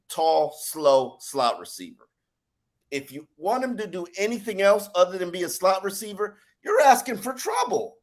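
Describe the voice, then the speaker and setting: Guy going off on a sports podcast, fired up and exasperated, voice jumps all over and sits high. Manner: animated, exasperated, repeats words when worked up. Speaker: podcast columnist. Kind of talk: heated sports podcast rant.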